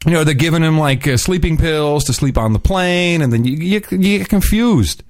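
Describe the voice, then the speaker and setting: A man co-hosting a podcast, chatting casually about politics in an animated, mocking way and sometimes breaking into silly voices. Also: fairly high pitch, a little fast, no echo, studio quality. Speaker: podcast co-host.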